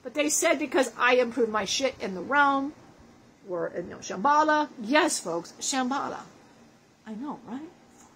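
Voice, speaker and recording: A woman's voice: sits high, expressive, normal speed, fairly bright tone, a little hiss or hum, poor audio. A woman channeling the spirit of a dead man in a session, talking in a profane, self-mocking way and laughing often. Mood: brash joking.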